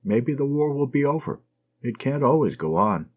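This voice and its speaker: A teasing, fond young nurse, voiced by a male audiobook reader, her husky tone lifting and dipping in lively swings. The recording sounds dull and lo-fi. She speaks warmly and playfully. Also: medium pitch, moderate pace. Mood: tender. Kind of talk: audiobook reading.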